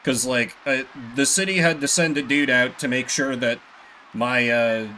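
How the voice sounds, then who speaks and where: A man's voice: mid-range voice, moderate pace, sharp tone, a little hiss or hum. A man chatting casually while streaming a game, rambling with lots of filler.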